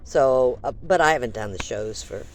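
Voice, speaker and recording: Low-voiced older woman telling a story. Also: lively intonation, moderate pace, slight background noise. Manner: rambling, chatty, with many fillers. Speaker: vlogger. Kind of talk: casual storytelling.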